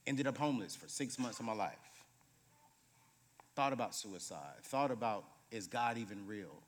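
A man in his late thirties, a guest preacher telling humorous stories in a sermon, moving between loud bursts and hushed moments. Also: fairly low pitch, expressive, moderate pace. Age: 30s. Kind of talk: sermon with storytelling. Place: church sanctuary. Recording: reverberant church hall.

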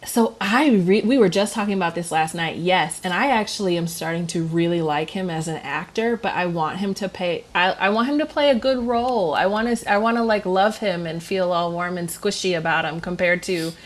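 A woman co-hosting a casual podcast, chatty and quick to laugh. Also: on the low side. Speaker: co-host.

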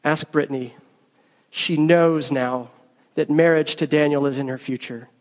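Earnest preacher with a slightly high voice. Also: male voice, fairly even intonation, a little slow, big-room sound. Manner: emphatic, earnest preaching with storytelling. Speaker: pastor. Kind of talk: sermon.

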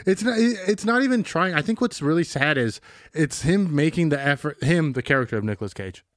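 A man's voice: on the high side, lively intonation, brisk, no room sound, clean studio sound. A man co-hosting a casual movie talk, joking and swearing as he retells scenes. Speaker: podcast co-host.

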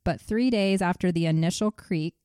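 A woman's voice: lowish voice, normal speed, dark tone, clear, resonant tone, dry recording, studio quality. A woman co-hosting a podcast, reading a listener's ghost story aloud and breaking off to joke, laugh and swear casually.

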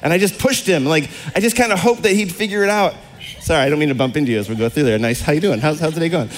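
Man, middle-aged, pastor, casual interactive sermon, fillers and restarts, slightly high voice, reverberant hall. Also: very fast. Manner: chatty, rambling, lots of fillers and restarts, asks the audience questions. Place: church hall before a congregation.

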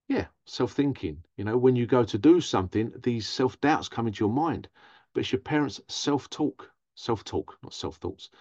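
A man's voice: mid-range voice, animated, normal speed, darkish tone, no room sound, highs cut off. A man hosting a podcast, talking casually in a rambling way and acting out inner thoughts. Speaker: podcast host. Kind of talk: casual monologue.

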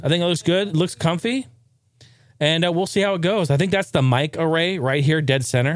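A man's voice: medium pitch, no echo, clean studio sound. A man hosting a gaming show, ranting casually with profanity and jokes. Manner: profane, excitable, jokey.

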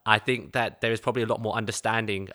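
A man's voice: fairly low pitch, fairly even intonation, fast, pushed and bright. A man from East London with a Cockney accent, chatting casually and telling stories about moving abroad. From East London, England. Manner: chatty, storytelling, laughs easily. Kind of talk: casual conversation.

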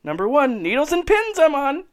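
A man co-hosting a casual chat, excited and laughing often, acting out bits in high voices. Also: normal speed, noisy background. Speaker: podcast co-host.

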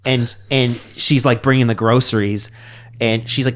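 A man's voice: medium pitch, brisk. A young man in casual chat who tells stories with animation and acts out the voices as he goes. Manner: animated storyteller, acts out every voice.

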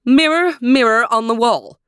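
A woman voicing a vain, furious evil queen who speaks in a shrill, demanding way. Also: normal speed, a bit bright, smooth, no echo, studio quality, lightly acted.

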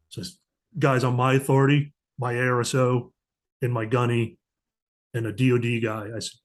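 A man's voice: mid-range voice, normal speed, pauses often. A middle-aged man, a diplomatic security agent and podcast guest, telling a story in conversation and acting out the voices he quotes, with the odd curse. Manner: animated, acts out quoted voices, profane at times.

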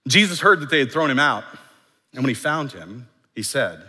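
A pastor preaches a sermon in a church sanctuary, his emphatic delivery building in force as he repeats phrases for weight. His medium-pitched voice is husky, sharp and sing-song at normal speed, carried by long hall reverb.

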